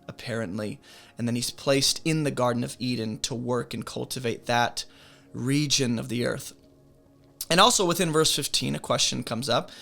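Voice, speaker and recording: A man's voice: mid-range voice, creaky, fairly bright tone. A man teaching a Bible study, working through a chapter by asking one question after another.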